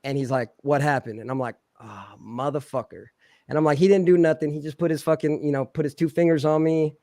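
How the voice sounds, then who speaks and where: Profane storytelling man, slightly high voice. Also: fast talker, no echo, clean studio sound. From Philadelphia. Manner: profane, animated, acts out quoted voices loudly. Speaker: podcast co-host telling a story. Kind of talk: casual storytelling.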